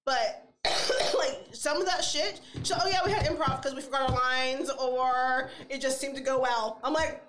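Woman co-host, high voice, casual rambling chat, lots of laughter, frequent swearing. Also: fairly even intonation, moderate pace, crowd noise. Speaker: podcast co-host.

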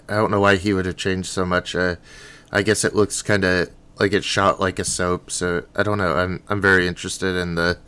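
A man co-hosting a podcast in a casual film discussion, relaxed and hesitant with ums. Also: low voice, smooth. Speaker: podcast co-host.

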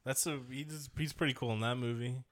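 A man's voice: mid-range voice, fairly even intonation, fast. A man co-hosting a podcast in casual, rambling chat, with lots of fillers and swearing. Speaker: podcast co-host.

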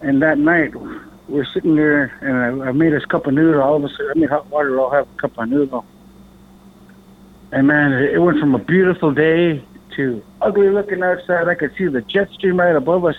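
A man's voice: a little high, a little hiss or hum. Man telling a story over a tinny line. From Alaska. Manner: rambling, animated, swears, acts out others' lines. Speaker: podcast guest. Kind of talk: casual storytelling.

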